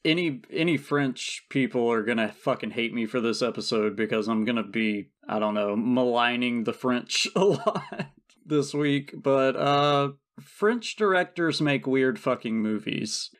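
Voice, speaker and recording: A man's voice: mid-range voice, measured pace. A man from South Georgia, hosting a casual movie podcast, swearing freely and laughing often. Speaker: podcast host.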